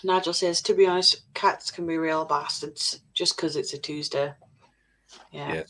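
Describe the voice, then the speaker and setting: A woman's voice: low voice, fairly even intonation, unhurried, fairly bright tone, slight background noise, rough recording. A woman co-hosting a live stream in casual chat, reading viewer comments aloud with dry, jokey swearing.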